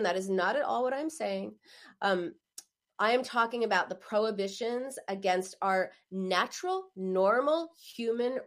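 Lady author talking thru advice, pitch jumps all over, really emphatic. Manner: animated, emphatic, acts out quoted phrases. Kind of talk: spoken advice monologue.

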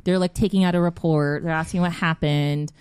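A woman's voice: on the low side, fairly quick, clean tone, dry recording, clean studio sound. A young woman hosting a casual chat, telling a funny story with lots of laughter and acted-out quotes. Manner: animated, laughing storyteller who acts out quotes.

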